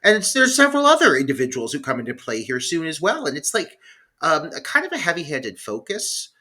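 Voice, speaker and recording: A man's voice: a little high, huge pitch swings, brisk, bright, forceful tone, breathy edge. A man co-hosting a podcast, chatting casually about a film in a rambling, profane way, full of "like" fillers. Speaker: podcast co-host. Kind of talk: casual film review chat.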